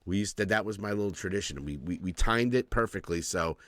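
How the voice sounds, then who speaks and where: A man's voice: sits low, brisk, a bit bright, no echo. A man in his forties co-hosting a podcast, telling stories in casual chat, swearing freely and laughing often. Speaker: podcast co-host.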